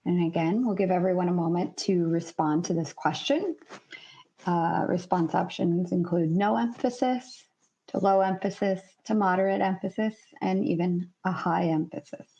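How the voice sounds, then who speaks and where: A woman moderating a business webinar, politely running an audience poll in a measured way. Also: lowish voice, steady tone, dark tone, lo-fi sound.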